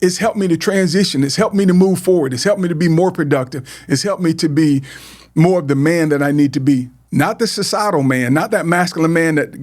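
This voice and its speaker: A middle-aged man talks in an earnest, heartfelt way, as a podcast host sharing his own story. His voice sits a little high for a man. He often stumbles, repeats words and restarts his sentences. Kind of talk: heartfelt personal talk.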